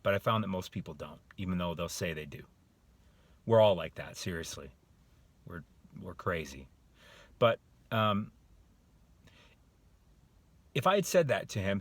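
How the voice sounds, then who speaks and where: A man's voice: on the low side, lively intonation, unhurried, long pauses, dry recording. A middle-aged man talking casually in a motivational monologue, acting out different tones of voice to make his points. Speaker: motivational speaker.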